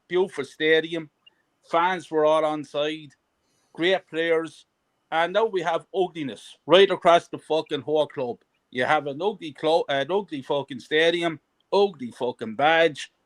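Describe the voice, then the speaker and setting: A man ranting furiously about his football club as a guest, sweary and emphatic, repeating words for effect. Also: on the high side. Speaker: guest fan. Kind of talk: heated football rant.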